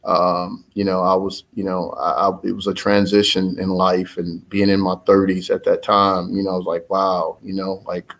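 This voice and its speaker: A man's voice: sits low, level tone, moderate pace, gravelly, hardly any pauses, fairly bright tone. A man, likely in his thirties, giving a rambling, motivational update to his followers about his business, with many fillers and restarts. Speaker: business owner addressing followers. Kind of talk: casual spoken update.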